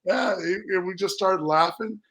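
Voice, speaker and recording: A man's voice: high-pitched, moderate pace, a crowd in the background, poor audio. A man from Minnesota, a company founder, telling a rambling story in a casual interview and acting out what people said. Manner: animated, rambling, acts out quotes.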